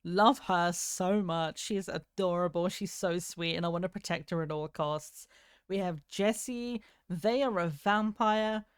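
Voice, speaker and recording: Brief: young female streamer, low-ish voice, excited and gushing, close dry mic. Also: unhurried, smooth, dry recording. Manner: gushing, excitable, swears casually. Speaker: game streamer. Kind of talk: let's play commentary.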